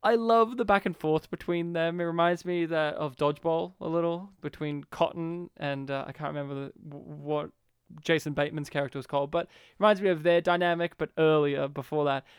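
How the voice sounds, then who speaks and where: A man co-hosting a casual film podcast, animated, acting out scenes in put-on voices. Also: fairly high pitch, fairly quick, clean tone, no room sound, clean studio sound. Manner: animated, acts out movie lines in put-on voices. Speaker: podcast co-host.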